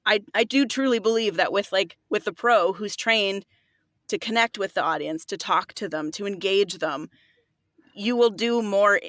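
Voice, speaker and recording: A woman voiceover artist speaks earnestly in a relaxed podcast chat, peppering her points with filler words. Her voice is at a middle pitch and recorded dry and close. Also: moderate pace, no echo. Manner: earnest, lots of filler likes. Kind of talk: casual podcast conversation.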